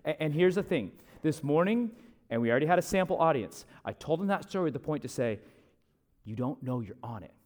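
Young male pastor, fairly high voice, lively sermon storytelling, chatty asides. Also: fast. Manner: animated, chatty storytelling with laughs and asides to the audience.

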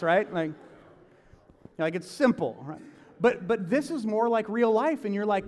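A man's voice: high-pitched, animated, normal speed. A man in his thirties preaching a sermon in a casual, conversational way, acting out the voices he quotes. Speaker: pastor. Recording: long hall reverb.

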